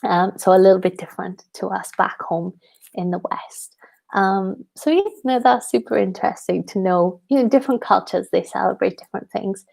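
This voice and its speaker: Young Welsh woman, teacher and channel host, friendly live Q&A, strong vocal fry. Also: medium pitch, moderate pace, darkish tone. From Wales. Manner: chatty, laughs often, many ums. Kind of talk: live question-and-answer chat.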